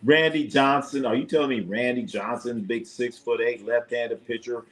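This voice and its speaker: Man, sports livestream host, casual chat, jokey, animated, mid-pitched voice. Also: normal speed. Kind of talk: casual live chat commentary.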